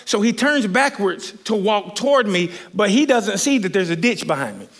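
A man preaching a sermon, telling a story in an animated, rambling way with many restarts. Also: sits high, normal speed.

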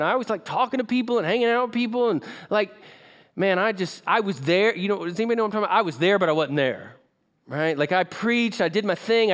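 High-voiced man preaching a personal story. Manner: emotional, conversational, asks the audience questions. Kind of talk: sermon storytelling.

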